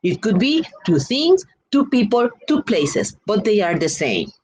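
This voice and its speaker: A woman teaching an English grammar lesson with a Spanish-influenced accent, slowly repeating and drilling example words. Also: medium pitch, very animated, darkish tone, slight background noise, rough recording.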